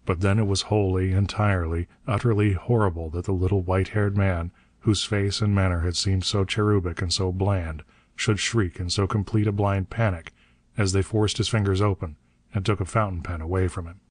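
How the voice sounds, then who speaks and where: A man narrating a story in a steady, measured reading. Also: low-pitched, no echo. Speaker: audiobook narrator. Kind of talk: scripted narration.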